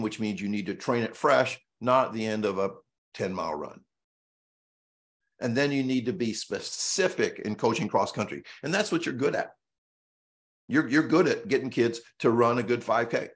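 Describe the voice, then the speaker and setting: A male coach giving a presentation in a blunt, emphatic way, hammering points home with repetition and an occasional mild curse. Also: medium pitch. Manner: casual and salty, with mild swearing.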